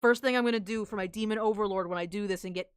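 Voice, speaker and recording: A woman's voice: medium pitch, rapid-fire, clear, resonant tone, no echo, studio quality. A young woman livestreaming, chatting casually with viewers in a giggly, rambling, self-deprecating way. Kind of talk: casual stream chat.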